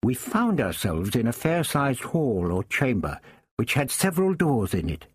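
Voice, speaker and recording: A man reading a first-person story aloud in a measured, understated way. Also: medium pitch, huge pitch swings, breathy edge, no room sound, clean studio sound. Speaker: audiobook narrator.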